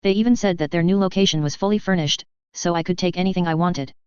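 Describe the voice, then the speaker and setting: A woman voicing an excited, naive young male alien office worker, low and smooth in a slightly dull recording. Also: fast, no echo, lightly acted. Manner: excited, bubbly.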